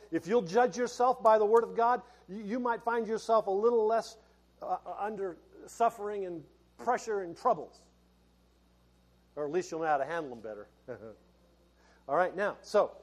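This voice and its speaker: Male pastor, middle-aged, high voice, folksy sermon, chatty. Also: moderate pace. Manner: folksy and conversational, with laughs and restarts.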